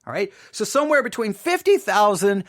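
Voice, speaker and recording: A man's voice: high-pitched, big pitch swings, fairly quick, a bit bright. A man giving an emphatic monologue to viewers, repeating figures and asking rhetorical questions, his voice cracking. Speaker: Christian commentator.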